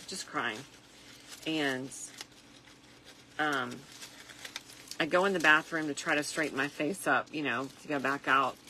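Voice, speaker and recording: Tired, low-voiced woman chatting while crafting. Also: slight background noise, rough recording. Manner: soft-spoken and reflective, with frequent fillers. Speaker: craft vlogger. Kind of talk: casual crafting chat.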